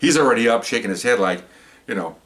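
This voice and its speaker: Ex-cop guy telling a story from the job, gets louder and more worked up as it goes, does everyone's lines, mic a little far off. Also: medium pitch, quick pace. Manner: animated, acts out the other people's lines, gets louder as the story builds. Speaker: retired police officer telling stories. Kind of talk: casual storytelling.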